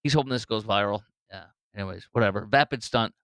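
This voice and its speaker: A man's voice: fairly low pitch, fast talker. A middle-aged man hosting a political commentary show, scornful and rambling with frequent fillers. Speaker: podcast host.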